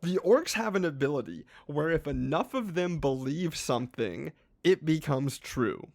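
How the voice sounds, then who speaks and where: A man's voice: on the high side, unhurried, vocal fry. Eager man explaining his hobby. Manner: excited, rambling, hesitant restarts. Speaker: podcast co-host. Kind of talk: enthusiastic casual explaining.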